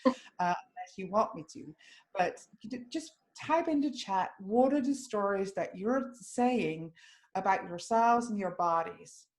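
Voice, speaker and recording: A woman hosting an informal live webinar from home over a video call. She talks in a searching way, often stopping and restarting her sentences. Her pitch sits in the middle range for a woman. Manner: warm, searching, with frequent restarts. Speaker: webinar host, psychologist. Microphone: video call microphone.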